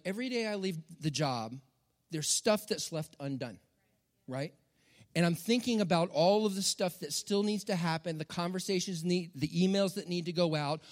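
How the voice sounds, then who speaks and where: A man, a pastor giving a conversational, humorous sermon that keeps checking in with the crowd. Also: high voice.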